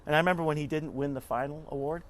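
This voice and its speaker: A man's voice: fairly high pitch, steady tone, racing. Earnest man retelling a story. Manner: earnest, repeats words while telling stories. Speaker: interview guest. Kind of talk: conversational storytelling.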